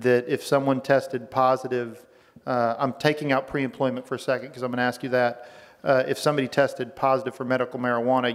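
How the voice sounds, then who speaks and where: Lawmaker, male, argumentative questioner, long hall reverb. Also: medium pitch. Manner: pressing, argumentative, repeats words when restarting. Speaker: state legislator questioning a witness. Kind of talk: committee hearing questioning. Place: legislative hearing room. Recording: long reverb of a hearing room.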